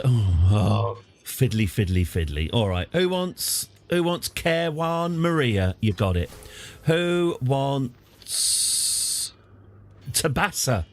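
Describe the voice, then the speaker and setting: A man streaming a strategy game live, chatting with jokey asides. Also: medium pitch.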